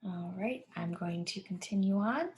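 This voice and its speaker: A woman teacher walking children through a workbook lesson, patiently repeating the key words slowly. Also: medium pitch, darkish tone, highs cut off. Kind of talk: guiding a class through a workbook.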